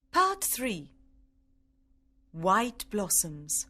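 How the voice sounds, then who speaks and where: A woman reading a simple story aloud with careful, clear delivery for English learners. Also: medium pitch, sing-song, drawn-out words, a bit bright.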